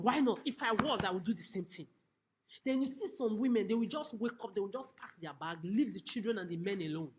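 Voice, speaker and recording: Woman, angry vlog rant, accusatory and repetitive, heavy cursing, mid-pitched voice, recorded seated indoors at a shelter. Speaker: vlogger. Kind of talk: angry direct-to-camera rant. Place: homeless shelter, seated on a chair.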